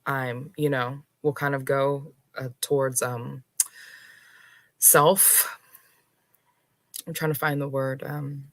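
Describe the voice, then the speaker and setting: A woman hosting a live spiritual talk, unhurried and reflective, speaking to her viewers with soft laughs and pauses. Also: a bass voice, flat delivery, no room sound.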